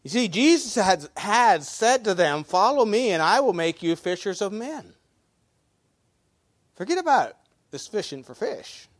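A man preaching a sermon as pastor, folksy, swinging between loud emphasis and quiet asides. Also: sits high, sing-song, a little slow, no echo.

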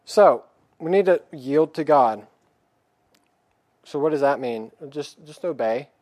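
A man preaching a sermon with a slightly raised pitch, reading scripture and breaking into plain, blunt talk. The sound is dry and close, with no room around him. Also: lively intonation, slow, darkish tone, no room sound. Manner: plain-spoken, acts out pleading voices of the people; reads scripture aloud in a raised voice.

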